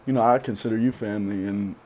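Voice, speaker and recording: This is a young man opening up in a podcast interview. His voice sits low and mellow, and he pauses often with fillers as he thinks things through. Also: steady tone, slight background noise. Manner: reflective, halting with many fillers. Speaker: podcast guest. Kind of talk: candid interview talk.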